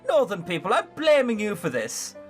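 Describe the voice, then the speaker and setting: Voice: mid-range voice, wildly swooping pitch, moderate pace, soft background music. A let's-play host reading a visual novel aloud, throwing in sarcastic, swearing asides.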